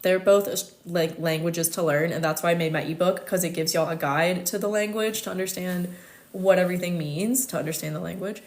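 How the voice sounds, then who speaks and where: Chatty American woman, lowish voice. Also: fairly even intonation, fairly quick, darkish tone. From United States. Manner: chatty, many fillers, laughs often. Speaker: host. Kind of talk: casual livestream chat.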